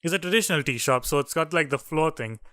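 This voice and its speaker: A man's voice: fairly high pitch, expressive, fast, pushed and bright, no echo. A man casually commenting on the game he plays, in an offhand, joking way. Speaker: let's play host. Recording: faint game music under voice.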